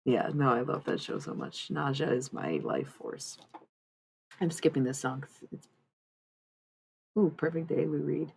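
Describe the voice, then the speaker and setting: A woman's voice: low-pitched, a little slow, gravelly, pauses often, darkish tone, a little hiss or hum. A woman streaming live, chatting in a rambling way and giving a tarot reading, swearing freely. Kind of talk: casual livestream chat and tarot reading.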